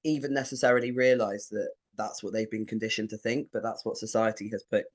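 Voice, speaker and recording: A woman speaks bluntly in casual podcast chat. Her humour is dry and crude, and her delivery stays flat and matter-of-fact. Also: very deep voice, fast. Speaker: podcast co-host.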